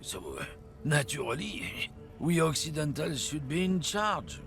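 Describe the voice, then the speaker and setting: A man doing a gravelly, swaggering bigoted trucker. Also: a little high, big pitch swings, a little slow, a bit bright, faint music behind, pitched above the performer's own voice, heavily acted. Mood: boastful. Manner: swaggering, boastful, sneering. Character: gruff bigoted middle-aged male trucker. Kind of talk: voicing game dialogue on a livestream.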